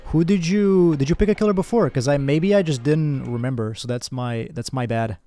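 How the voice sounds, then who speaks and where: A man's voice: a little high, brisk, dark tone, faint music behind. A young man from Brazil streaming a game, chatting casually with viewers, thanking them by name and rambling with fillers and laughs.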